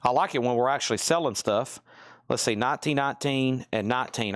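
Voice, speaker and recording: Brisk man calling out record prices. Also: medium pitch, a bit bright, no room sound, studio quality. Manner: brisk, rattling off prices and buyer names. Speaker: live sale host. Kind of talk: live sales patter.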